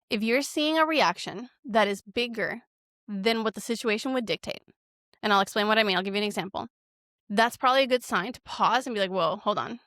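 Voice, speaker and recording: A woman therapist in her thirties or forties, chatting on a podcast and acting out quoted lines with lively shifts. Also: on the high side, dry recording, clean studio sound. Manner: animated, acts out quoted lines. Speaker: marriage and family therapist guest. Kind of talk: casual podcast conversation.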